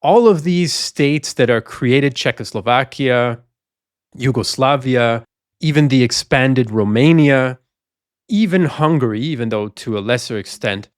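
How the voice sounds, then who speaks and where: A man's voice: medium pitch, no echo, studio quality. A man co-hosting a history podcast, laying out background context at length in a discussion. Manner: explanatory, lays out context at length. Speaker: podcast co-host.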